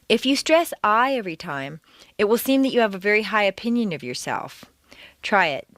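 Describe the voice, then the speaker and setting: A woman narrating a pronunciation course in a clear, deliberate, scripted way. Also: mid-range voice, sing-song, no room sound, clean studio sound. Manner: clear, deliberate, with exaggerated stress in examples. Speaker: accent training instructor.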